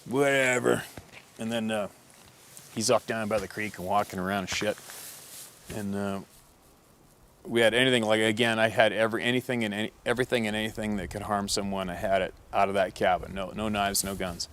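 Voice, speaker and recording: A hunting guide tells a story in a low-pitched man's voice. He is blunt and swears freely. He pads his sentences with "and then, uh" as he goes. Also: steady tone, brisk, fairly bright tone, a little hiss or hum. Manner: blunt and profane, with many "and then, uh" fillers. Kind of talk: casual storytelling.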